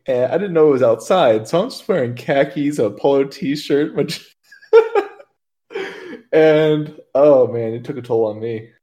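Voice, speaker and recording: A man's voice: on the high side, very animated, measured pace, warm tone. A man co-hosting a podcast, laid-back and a little hesitant in casual chat. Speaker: podcast co-host.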